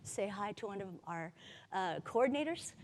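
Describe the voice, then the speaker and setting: A woman telling her own story to a live audience, lively, humorous and candid. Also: medium pitch, moderate pace, in a large hall. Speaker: patient advocate speaker. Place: large conference hall.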